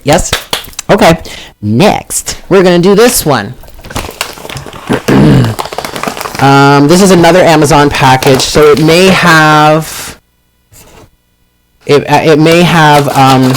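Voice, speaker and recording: A man hosting a casual live stream as a tarot reader, chatty, self-deprecating and quick to exclaim. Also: a little high. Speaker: tarot reader and channel host.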